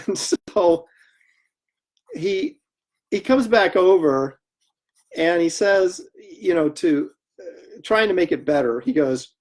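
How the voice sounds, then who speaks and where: A man hosting a livestream, chatting casually and telling animated anecdotes with laughter while he draws. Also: a little high, takes it slowly. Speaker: comic artist hosting a livestream. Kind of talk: casual storytelling while drawing.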